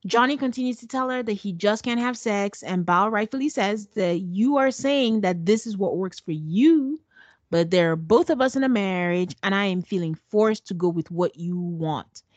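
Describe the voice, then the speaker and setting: Woman podcast co-host, sarcastic recap voice, dry close mic, mid pitch. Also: moderate pace, no echo, muffled recording. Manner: sarcastic, animated storytelling with acted quotes. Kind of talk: casual recap chat.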